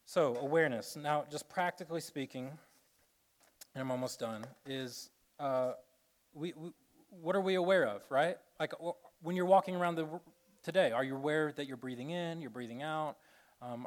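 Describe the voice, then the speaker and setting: A man preaching a sermon to a room of listeners, joking and acting out little scenes, then turning soft and earnest. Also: a little high. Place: room with an audience.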